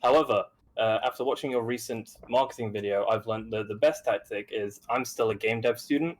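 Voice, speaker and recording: Earnest young British man pitching. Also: fairly quick, rough recording. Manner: rambling, filler-heavy, earnest. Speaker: game dev student pitching a game. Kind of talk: mock investor pitch on a stream.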